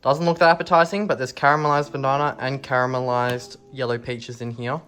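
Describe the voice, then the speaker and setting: A man's voice: medium pitch, level tone, fairly quick, a bit bright. A young man with an Australian accent chatting through a casual fitness vlog in an upbeat, laid-back way, explaining his training. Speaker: fitness vlogger.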